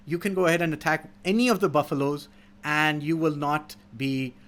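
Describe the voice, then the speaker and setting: A man's voice: a little high, fairly even intonation, moderate pace, fairly bright tone, close to an everyday voice. A man doing a fawning, scheming fox. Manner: fawning, sly. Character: flattering, scheming male fox.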